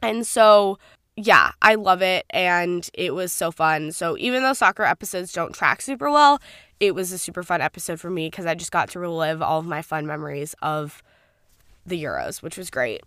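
Bubbly young woman with a smooth voice. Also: on the low side, animated, normal speed, fairly bright tone, no echo, clean studio sound. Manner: bubbly, gushing, filler-heavy. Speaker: podcast host. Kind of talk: casual solo podcast recap.

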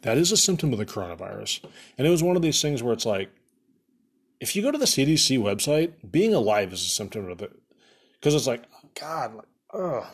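With a mid-range, breathy-edged voice, a young man hosting a casual podcast spins rambling stories in rant form. "Like" comes up a lot, and he laughs at his own jokes.

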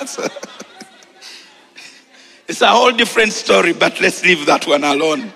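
A Ugandan man preaching a sermon, shouting and repeating phrases with exuberance, then settling into a relaxed storytelling tone. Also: high voice, slow, gravelly, slightly rough, long reverb tail.

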